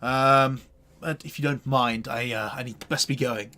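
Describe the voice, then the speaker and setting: A man voicing a smooth-talking traveling showman who politely brushes people off. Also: mid-range voice, steady tone, moderate pace, bright, forceful tone, close to an everyday voice. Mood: dismissive.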